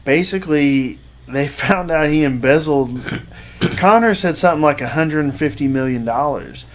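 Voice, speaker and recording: A man chatting casually on a podcast, his voice sitting a bit high. He rambles with fillers and restarts as he tells a story. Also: normal speed. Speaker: podcast co-host.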